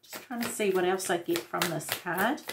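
A woman giving a casual tarot reading, gentle and reflective, with many fillers and restarts. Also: lowish voice, normal speed, noisy background. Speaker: tarot reader.

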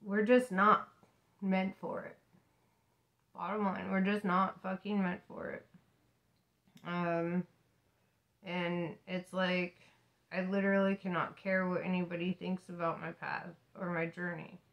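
A woman's voice: fairly low pitch, little pitch movement, a little slow, long pauses, muffled recording. Laughing, swearing woman tarot reader. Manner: laughs often, swears, emphatic and preachy. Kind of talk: casual spiritual talk to camera.

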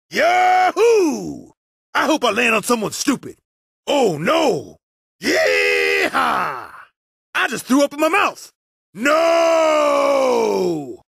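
A man voicing a rowdy tough-guy brawler who shouts taunts in street slang and speaks of himself in the third person. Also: very high voice, no room sound, clean studio sound, heavily acted. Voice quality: gravelly.

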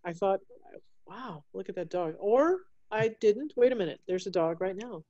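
A woman's voice: mid-range voice, animated, normal speed, warm tone, highs cut off. A woman author chatting effusively with guests over a video call from her home. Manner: effusive, gushing over pets. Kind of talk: casual chat on a video call. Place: at home, alone.

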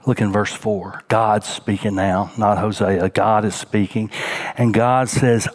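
A man preaching a sermon as senior pastor, dropping to a hushed near-whisper on tender points and rising in pitch as he tells a story. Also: steady tone, measured pace.

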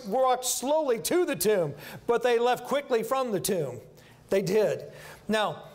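A middle-aged man preaching a sermon in a church, emphatic and animated, repeating his key phrases. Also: very high-pitched. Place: church sanctuary.

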